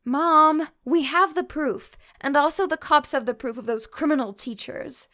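A woman's voice: sits high, unhurried, bright, forceful tone. A woman voicing a protective, bossy big sister who scolds her younger brothers.

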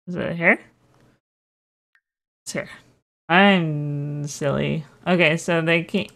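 A young woman commenting casually on a farming life-sim game, giggling often, thinking aloud and getting excitable. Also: on the low side, slow pace, gravelly, pauses often. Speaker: gaming channel host.

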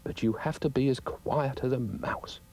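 A man's voice: mid-range voice, moderate pace, darkish tone, voice pushed up, natural voice. A man voicing a pompous, self-important male dog who muses loftily about writing his memoirs. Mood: lofty. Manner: lofty, self-satisfied musing.

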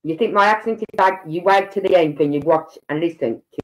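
A woman's voice: on the low side, fairly quick. A woman with a Birmingham accent, chatting casually to a live audience and acting out the voices of people in her stories. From Birmingham, England. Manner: chatty storyteller who acts out quoted voices. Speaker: livestream host. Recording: dull lo-fi stream audio.

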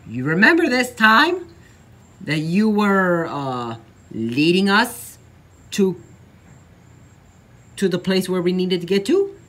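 A woman performing a homemade plush toy adventure, voicing every character herself and jumping between high and low character voices. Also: fairly bright tone. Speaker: plush toy video maker.

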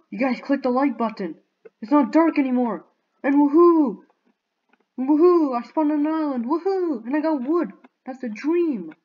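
A young woman giving bubbly, excitable commentary on a video game and cheering at her finds. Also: high-pitched, muffled recording. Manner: bubbly, excitable, squeals and shouts in surprise. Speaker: gaming YouTuber.

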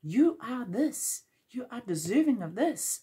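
Slow-spoken woman reading tarot. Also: on the high side, very animated, warm tone. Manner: encouraging, repetitive, direct address. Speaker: tarot reader.

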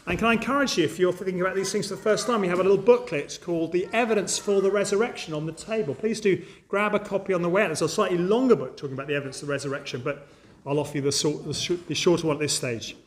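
A man's voice: high voice, racing, a little hiss or hum. A man preaching an Easter sermon in church, earnest and emphatic, speaking straight to his congregation. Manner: earnest, emphatic, addresses listeners directly. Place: church service.

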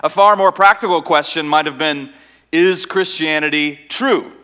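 A man raised in Austria speaks to a crowd from a stage mic in a church hall. His voice sits a little high and rings bright and forceful. He tells his story earnestly, slowing down for dramatic pauses. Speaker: conference speaker. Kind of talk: public talk to a live audience.

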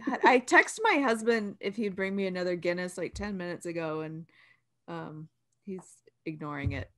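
A woman's voice: on the low side, normal speed, a bit bright. A woman guest on a podcast, chatting casually in a blunt way and swearing freely. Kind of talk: casual chat.

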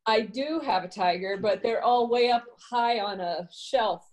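Woman, sculptor, modest and soft-spoken, higher voice, video call. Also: unhurried, rough recording. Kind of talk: casual chat on a video call.

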